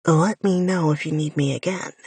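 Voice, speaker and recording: A woman's voice: low voice, normal speed, a little mellow, slightly rough, no echo, exaggerated voice. Cocky teasing young man, read by a woman. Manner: teasing, lazy drawl.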